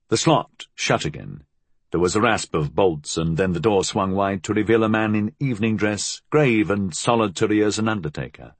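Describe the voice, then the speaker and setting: A man narrating a story as an audiobook reader with a measured, expressive delivery. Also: lowish voice, slightly rough, no room sound. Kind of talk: scripted narration.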